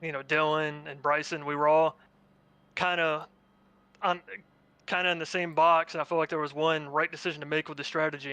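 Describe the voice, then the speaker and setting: A man talks through his win in a post-race interview at a rapid, rambling clip. His voice is bright and crisp, a little higher than most men's, with a flat, level delivery. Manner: rapid, rambling, filler-heavy recap. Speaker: race winner, sim racing driver.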